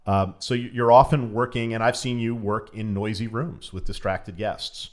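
A man's voice: on the low side, fairly even intonation, moderate pace. A man hosting a podcast interview, asking questions in a conversational, encouraging way. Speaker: podcast host.

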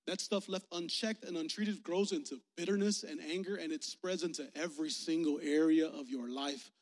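High-voiced pastor preaching in a hall. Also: male voice. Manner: candid, emotional, talks straight to the crowd. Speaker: youth pastor. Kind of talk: personal, conversational sermon. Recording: long hall reverb.

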